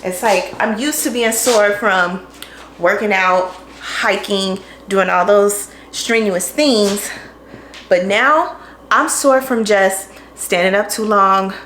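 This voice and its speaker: At home in her kitchen, a young female vlogger with a medium-pitched, somewhat bright voice talks casually and slowly to a camera on a tripod. She sounds tired and out of breath and laughs often, with roomy kitchen echo and slight background noise.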